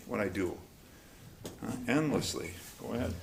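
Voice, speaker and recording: Leading a recovery study class, a man chats animatedly and brings quotes to life by acting them out. His medium-pitched voice is fairly quick with vocal fry, over slight background noise.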